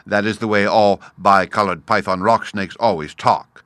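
A man reading a storybook aloud in a measured, expressive way, addressing the listener directly. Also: on the low side, no room sound, studio quality.

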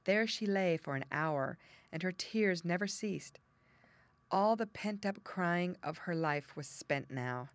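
A woman narrating a classic fairy tale audiobook in a measured, expressive reading. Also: on the low side, no room sound. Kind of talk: storybook narration.

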